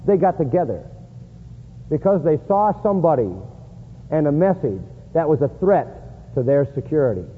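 A man preaching a sermon in an emphatic style, rising high and loud to stress points. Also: lively intonation, normal speed, pauses often, a little hiss or hum. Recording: echoey hall on a tinny lo-fi line.

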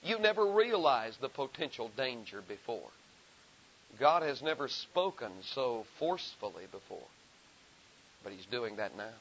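A man preaching a sermon, building emphasis through repeated phrases and reading scripture slowly and deliberately. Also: medium pitch, sing-song, a bit bright, slight background noise. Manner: rhetorical repetition, emphatic rising delivery. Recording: dull lo-fi sermon recording.

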